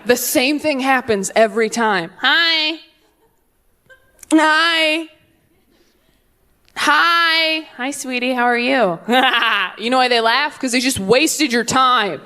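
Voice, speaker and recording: A young adult woman performing a stand-up comedy set, animated, slipping into quick voices for the people in her stories. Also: a little high. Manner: animated, slips into quick voices for friends, babies and her dad. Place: live comedy venue with audience.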